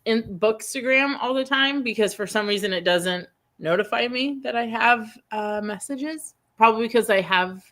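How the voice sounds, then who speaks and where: A woman in her thirties hosting a casual chat, rambling through a personal story with lots of fillers and restarts. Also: a little high. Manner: rambling storyteller, animated, quick laughs. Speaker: host.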